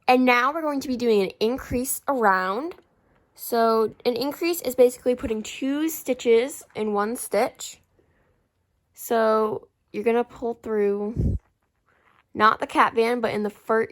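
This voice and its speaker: A young woman hosting a home crafting tutorial. She talks through each step casually and apologizes often, and her voice is a little rough. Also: a little high, slow pace. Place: indoors at home, warm room.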